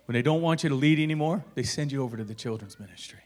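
A middle-aged man telling a personal story, acting out the dialogue and swinging from hushed asides to shouted lines. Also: mid-range voice, rapid-fire. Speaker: guest telling his story. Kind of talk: animated storytelling.

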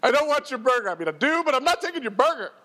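A preacher acting out a hungry man brushing off temptation with firm refusals. The voice is high and lively. It rings out in a long, reverberant hall. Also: racing, full character voice. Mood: refusing.

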